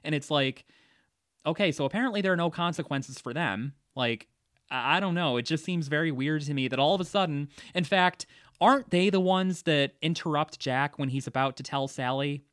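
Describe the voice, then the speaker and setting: A man's voice: on the high side, normal speed, a bit bright, clean tone, no echo, clean studio sound. A man hosting a casual movie discussion, chatty, with frequent laughs and fillers. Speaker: podcast host.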